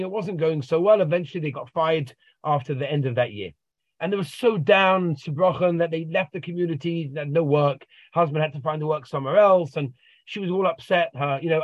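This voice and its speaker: A man's voice: on the high side, fairly quick, no echo. A man working as a life coach, telling motivational stories and acting out the dialogue in them, recorded over a video call. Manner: tells stories and acts out the dialogue. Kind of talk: motivational storytelling. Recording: dull, dry video-call audio.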